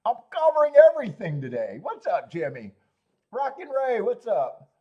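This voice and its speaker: Husky, lively man chatting on a stream. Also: high voice, highs cut off. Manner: rambling, joking, greets chat viewers. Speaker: horse racing stream host. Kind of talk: casual live-stream chat.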